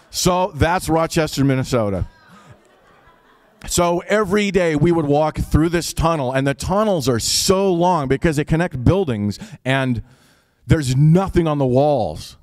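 A man's voice: a little high, no echo. A man with an Upper Midwest accent telling a personal story live, in a casual, wry, profane way.

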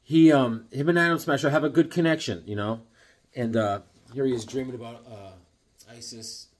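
A man reviewing comics in a casual, excitable, rambling way, full of fillers. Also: medium pitch, moderate pace.

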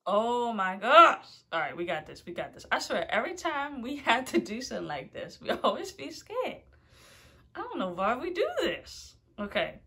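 Bright-voiced, excitable woman vlogger. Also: fairly high pitch, normal speed, gravelly, husky. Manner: excitable, nervous, exclaims loudly. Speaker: YouTuber. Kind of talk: casual food challenge vlog.

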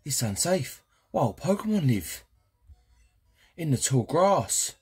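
A man voicing a creepy middle-aged male professor in a video game playthrough, with a drawn-out delivery. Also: on the high side, sing-song, slightly rough, faint music behind, pitched above the performer's own voice, exaggerated voice.

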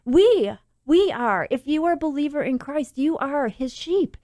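Woman radio co-host, easygoing and chatty, bright-pitched, close dry mic. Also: animated, a little slow, dry recording. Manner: chatty, laughs often, restarts sentences. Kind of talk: casual faith talk.

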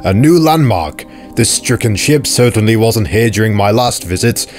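A man voicing a wise, solemn old male ghost pirate lord in measured, old-fashioned speech. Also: fairly low pitch, lively intonation, a little mellow, faint music behind, lightly acted. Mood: reflective.

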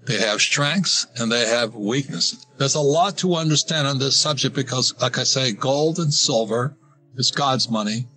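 A man's voice: mid-range voice, normal speed, bright, forceful tone, soft background music. An older man talking in a casual interview, rambling with restarts while telling anecdotes. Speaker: guest, financial author.

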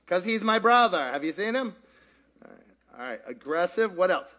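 Animated high-voiced man teaching a crowd. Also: normal speed. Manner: playful, jokey, asks the crowd questions. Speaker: pastor leading a group discussion. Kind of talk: interactive teaching talk with audience.

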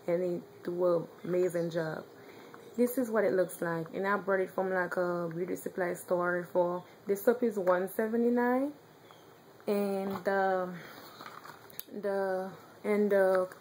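A young woman with a strong Haitian accent, chatting casually in a home video, now and then pausing to search for words. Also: medium pitch, steady tone, darkish tone, a little hiss or hum, poor audio. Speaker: vlogger. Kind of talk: casual chat.

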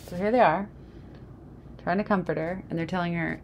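A woman's voice: on the low side, steady tone, moderate pace, vocal fry, a little hiss or hum. A woman reading a children's picture book aloud, adding casual asides about the pictures. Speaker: storybook reader.

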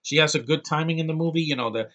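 A man talking straight to camera in a casual movie review vlog, excitable and gushing, rambling with stops and restarts. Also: on the high side, rapid-fire, lo-fi sound.

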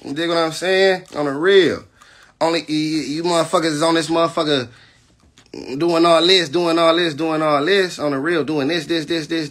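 A battle rapper, ranting aggressively and profanely on a livestream. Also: male voice, on the high side, fairly bright tone. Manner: keeps asking "you know what I'm saying". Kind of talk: heated livestream rant.

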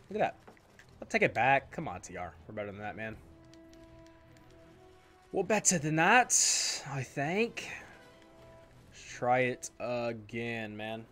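A man casually commenting on his own online shooter gameplay, rambling and self-mocking, often repeating himself. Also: medium pitch. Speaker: gaming channel host. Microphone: desk microphone in a squeaky chair. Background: faint game gunfire.

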